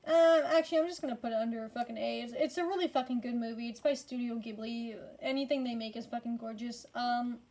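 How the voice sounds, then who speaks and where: Worn out woman rambling about movies late at night, swears a ton, kinda high voice. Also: fast talker, few pauses, darkish tone. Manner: rambling, swears constantly, many fillers. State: tired. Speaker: movie reviewer. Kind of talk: casual movie ranking vlog.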